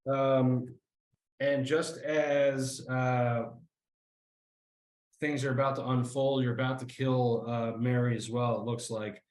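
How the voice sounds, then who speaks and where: A man running a tabletop game as game master, talking in a halting way with many fillers. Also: medium pitch, flat delivery, darkish tone, roomy sound, rough recording.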